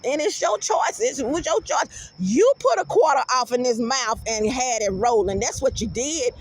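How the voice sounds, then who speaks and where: Brash woman vlogger, AAVE, high-pitched, profane, animated rant delivery. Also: moderate pace. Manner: brash, profane, animated, swings into loud outbursts. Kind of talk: casual rant to camera.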